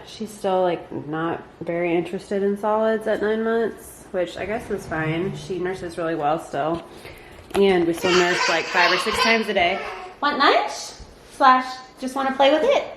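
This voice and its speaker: A woman's voice: mid-range voice, reverberant, slight background noise. A young woman chatting casually as a mom vlogger, upbeat and full of fillers like "um" and "like". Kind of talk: casual home vlog narration. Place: home nursery and kitchen.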